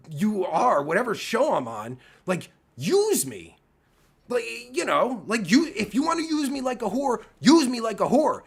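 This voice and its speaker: A man ranting angrily and profanely on his livestream, heated and full of fillers, with a raspy voice. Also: sits high, a bit bright. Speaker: streamer and podcaster. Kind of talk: angry livestream rant.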